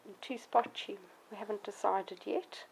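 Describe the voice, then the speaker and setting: A woman's voice: steady tone, normal speed, vocal fry, slight background noise, rough recording. A woman talking casually in a vlog about her puppies, outdoors in a garden with dogs around. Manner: chatty, warm toward the puppies, with sudden squeaky baby-talk to dogs. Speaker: dog breeder. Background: dogs barking now and then.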